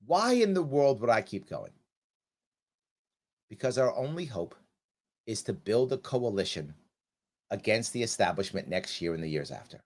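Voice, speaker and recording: A man's voice: on the low side, very animated, moderate pace, pauses often. A man hosting a live political show, delivering a combative, sarcastic monologue full of scolding rhetorical questions.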